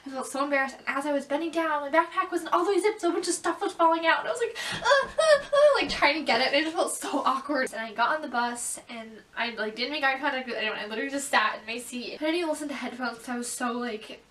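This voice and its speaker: A teenage girl vlogs to camera, telling embarrassing stories in a chatty style packed with "like" and bursts of laughter. Her voice is high, quick, pushed and bright, with hardly any pauses, and the echoey room and distant mic color the recording.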